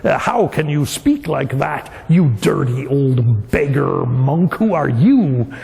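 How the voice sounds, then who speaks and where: A man's voice: mid-range voice, sing-song, slow, creaky, mellow, full character voice. A man quoting an indignant temple monk. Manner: scolding, indignant. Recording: long reverb of a temple hall.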